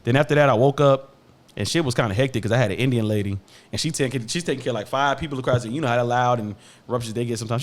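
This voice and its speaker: A man's voice: medium pitch, rapid-fire. A young man hosting a podcast, telling a story casually with profane slang and laughter. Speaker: podcast host.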